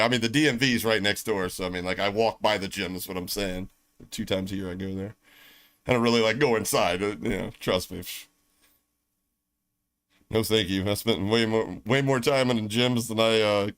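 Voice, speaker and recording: A man's voice: lowish voice, a bit bright. A middle-aged man with a Southern US accent, ranting brashly and profanely on his livestream. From United States. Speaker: streamer. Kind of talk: casual livestream rant.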